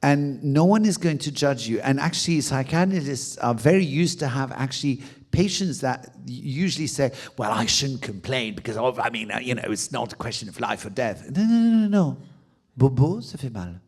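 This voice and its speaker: A man from France with a French accent, a native French speaker and actor, answering audience questions in a playful, expressive way. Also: mid-range voice, moderate pace, gravelly, few pauses. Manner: playful, expressive, laughs often. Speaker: guest author and actor. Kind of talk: audience Q&A conversation.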